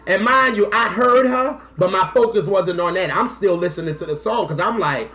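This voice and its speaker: A man in his thirties telling a personal story to camera in a casual, animated way, acting out quotes and close to tears. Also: high voice, moderate pace, soft background music. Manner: animated, acts out quotes, slangy. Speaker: music vlogger.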